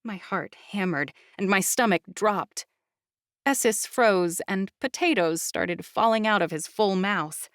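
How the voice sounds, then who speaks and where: A woman's voice: medium pitch, measured pace, no echo. Woman narrating an audiobook, dry. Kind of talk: scripted first-person narration.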